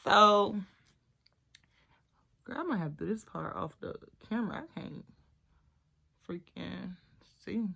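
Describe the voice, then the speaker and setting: A young woman vlogger chatting through a storytime while doing her hair, animated and talkative, sometimes dropping to a hushed voice. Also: fairly low pitch, moderate pace, vocal fry, pauses often, slightly rough. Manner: animated, chatty, drops to near-whisper at times.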